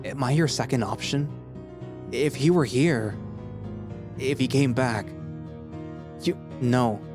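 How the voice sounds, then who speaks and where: A man's voice: takes it slowly, lightly acted. A man voicing a cold, jealous young male anthro who speaks in terse, bitter, growling lines, read as a dramatic audio story. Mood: hurt. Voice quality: low, growling. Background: background music.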